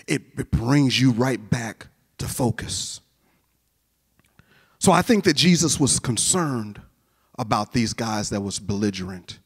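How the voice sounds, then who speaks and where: A middle-aged man preaching a chapel sermon, swinging from hushed, whispered lines to shouted declarations. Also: mid-range voice, a little slow, breathy edge. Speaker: chapel speaker. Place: college chapel.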